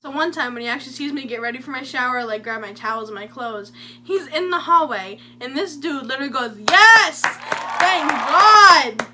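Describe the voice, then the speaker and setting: A woman's voice: high-pitched, quick pace, background noise. A young woman telling her own stories in a chatty, jokey story-time vlog. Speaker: vlogger.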